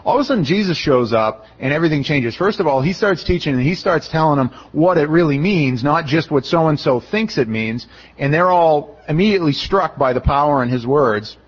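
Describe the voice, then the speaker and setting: A man's voice: a little high, brisk, dull audio. A middle-aged man as a pastor giving a conversational sermon, acting out the voices of the people he quotes. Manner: conversational, acts out quoted voices, animated retelling. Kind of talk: expository sermon.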